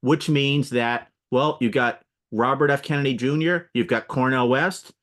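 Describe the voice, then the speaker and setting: A man's voice: mid-range voice, measured pace, a bit bright. A man speaking as a political analyst guest in a radio interview, explaining at length and listing names and examples.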